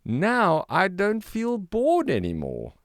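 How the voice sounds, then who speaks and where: A man's voice: sits high, wildly swooping pitch, takes it slowly, no echo, clean studio sound, pitched above the performer's own voice, full character voice. A man voicing a curious, brave young frog in a children's storybook. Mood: delighted. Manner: curious, eager questions.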